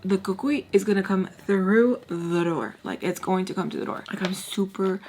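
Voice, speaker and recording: A woman's voice: mid-range voice, fairly even intonation, brisk, hardly any pauses, darkish tone, slight background noise. A young woman telling a personal story in a casual, chatty way, often dropping to a whisper. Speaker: storytime vlogger.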